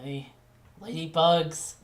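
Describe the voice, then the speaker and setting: A woman's voice: low voice, fairly even intonation. A woman streaming a game, chatting casually and muttering at it as she plays. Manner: slow, offhand, mutters at the game. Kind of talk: casual gameplay chat. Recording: echoey room.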